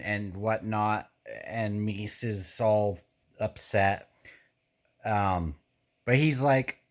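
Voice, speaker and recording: A man casually reacting to a book he is reading, rambling and hesitant with many fillers. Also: fairly low pitch.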